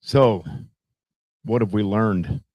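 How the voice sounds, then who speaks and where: A man's voice: lowish voice, takes it slowly, a little mellow, dry recording, muffled recording. A man hosting his own show, ranting about politics with profane, sarcastic commentary. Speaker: radio show host.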